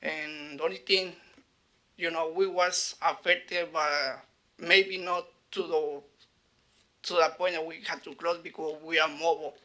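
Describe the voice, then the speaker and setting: Hesitant man with a flat, bright voice. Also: a little high, unhurried. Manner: hesitant, broken phrasing with frequent "you know". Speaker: business owner giving public comment. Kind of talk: public comment at a council meeting. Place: city council chamber.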